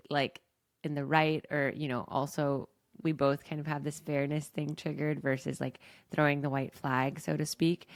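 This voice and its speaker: A woman's voice: low voice, no echo. A young adult woman hosting a podcast, talking casually and reflectively as a coach, with many fillers. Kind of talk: reflective personal talk.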